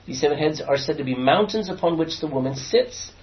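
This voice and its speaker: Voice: medium pitch, fairly quick. This is a Bible study teacher working through scripture with a small class. The voice rises and falls freely as it explains and asks questions. It sounds distant and muffled on a lo-fi recording. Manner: lively, explains and quizzes the class. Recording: distant, dull lo-fi room recording.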